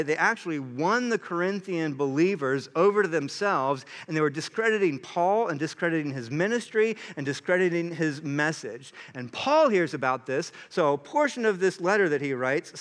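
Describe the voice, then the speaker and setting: A young man preaching a sermon, earnest and animated, sometimes acting out what others say. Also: fairly high pitch. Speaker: pastor.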